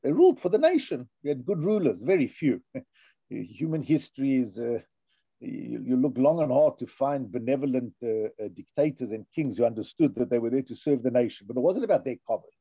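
A man's voice: mid-range voice, animated, fairly quick, breathy edge, no echo, phone-quality sound. A man teaching a conversational Torah class, thinking aloud with restarts and checking in with "yeah?".

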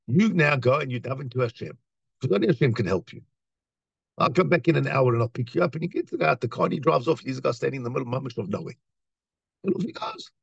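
A man giving a lively Torah talk, telling a story and acting out the voices of its people. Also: medium pitch, creaky, husky, no room sound, highs cut off. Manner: animated storyteller, acts out voices, many restarts. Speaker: rabbi.

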